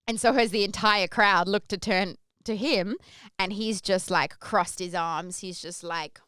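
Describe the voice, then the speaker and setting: A young woman telling a story casually as a podcast host, animated and acting out the quoted voices. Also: medium pitch, a little slow, clear, resonant tone, no echo, clean studio sound.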